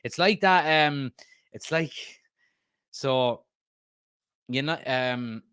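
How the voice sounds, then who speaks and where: A man's voice: mid-range voice, drawn-out words, a bit bright, smooth, no echo, clean studio sound. Rambling man reading live comments. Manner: casual, rambling, frequent fillers. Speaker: host of a football fan channel.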